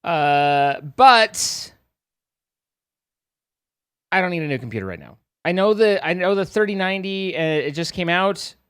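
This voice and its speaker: Live streamer, casual playful banter with chat; animated delivery, dry sound. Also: mid-range voice, unhurried, pauses often, smooth, dry recording. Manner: rambling, animated.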